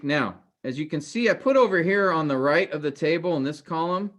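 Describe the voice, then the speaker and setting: A man teaching a class, halting with many fillers and restarts, his voice trailing off quieter at the ends of phrases. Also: a little high, expressive. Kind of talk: classroom lecture.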